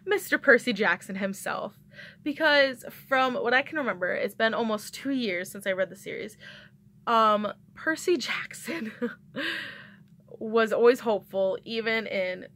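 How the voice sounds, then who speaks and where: A woman's voice: fairly high pitch, a little slow, fairly bright tone. A young woman vlogging casually about books, chatty and rambling, often laughing and correcting herself mid-sentence. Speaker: book vlogger. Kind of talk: casual chat.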